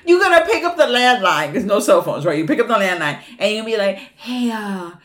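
A woman co-hosting a podcast, recapping a horror movie in a casual, animated, profane way, often laughing. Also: medium pitch, quick pace. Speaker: podcast co-host.

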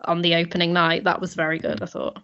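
A young woman on a podcast, chatting in a relaxed, easygoing way. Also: fairly low pitch, fast, creaky, muffled recording. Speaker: podcast contributor. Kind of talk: casual chat.

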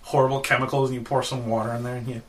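A man's voice: medium pitch, little pitch movement, racing, slight background noise. A man narrating as game master, loose and hesitant, full of filler words.

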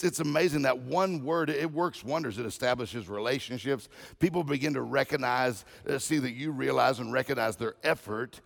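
A man preaches as a visiting speaker, telling jokes and personal anecdotes. His voice sits at a middle pitch with a gravelly edge. He often circles back and repeats key phrases. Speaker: guest speaker. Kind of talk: humorous sermon storytelling.

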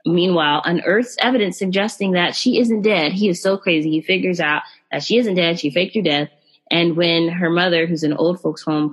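A woman's voice: fairly low pitch, breathy edge. A woman hosting a podcast, chatting casually and animatedly about films, with frequent fillers and direct asides to listeners. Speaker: podcast host reviewing films. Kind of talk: casual chat.

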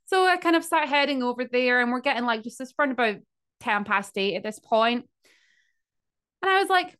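A woman's voice: a little high, brisk, bright, forceful tone. A woman co-hosting a podcast, telling a story in a chatty way and acting out the quotes. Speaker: podcast co-host. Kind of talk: casual storytelling.

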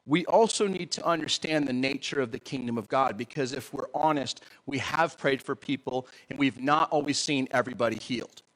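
A man, a pastor, preaching a sermon in an animated, joking way and often asking the audience questions. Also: medium pitch, brisk, hardly any pauses, low-quality recording.

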